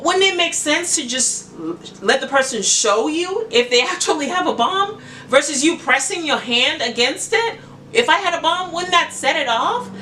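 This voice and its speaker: A woman's voice: a little high, sharp tone, distant mic, a little hiss or hum, poor audio. A middle-aged woman vlogger recounting a personal ordeal, emotional and indignant as she retells it. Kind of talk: personal story to camera.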